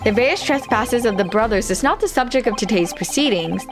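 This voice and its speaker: Woman reading a stern police inspector, formal, deferential, courtroom game, fairly high voice. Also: expressive, brisk, music in the background. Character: stern male police inspector, middle-aged.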